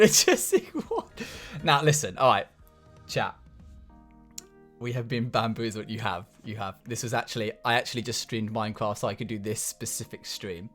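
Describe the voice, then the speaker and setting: A livestreamer chatting casually from home, laughing often and greeting viewers one by one. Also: mid-range voice. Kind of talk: casual live-stream chat. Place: home room.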